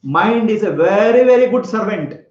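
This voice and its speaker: In an echoey room with slightly dull lo-fi sound, a high-pitched man with lively intonation and a little mellowness speaks at normal speed. As a spiritual teacher, he relates a parable, questions his audience and laughs frequently.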